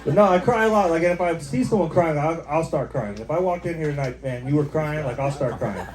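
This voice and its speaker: A man's voice: fairly high pitch, lively intonation, brisk, darkish tone, a faint crowd. A young man doing a stand-up set in a bar, rambling casually and tossing in lots of "like" and "right?". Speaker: stand-up comedian. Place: bar with live audience. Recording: echoey bar with background noise.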